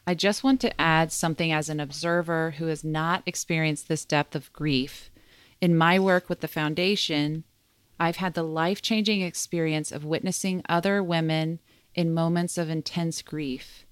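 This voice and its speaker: A woman co-hosting a podcast, reading a written passage aloud in a soft, measured way while holding back tears. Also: low voice, steady tone, smooth, no echo. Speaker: podcast co-host.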